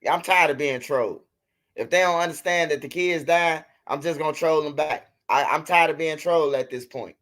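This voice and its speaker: His voice is a little high, a bit bright, and fairly quick, with a Chicago accent. This street news channel commentary host keeps his livestream casual while repeatedly taunting and trash-talking the people who criticize him.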